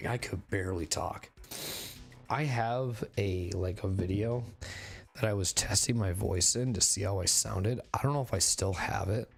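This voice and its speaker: Hoarse rambling male streamer. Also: on the low side, faint music behind. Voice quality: raspy. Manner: rambling, filler-heavy, halting. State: hoarse, recovering voice. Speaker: game streamer. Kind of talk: casual chat to stream viewers. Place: bedroom at home.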